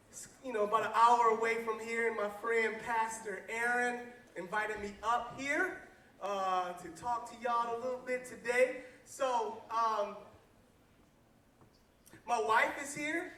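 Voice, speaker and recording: A man's voice: very high-pitched, bright, forceful tone, far from the mic. A man from Flint preaching as a youth pastor to teenagers in a church hall, joking, laughing and calling out to the crowd for responses. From Flint, Michigan. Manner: playful, call-and-response, often laughing.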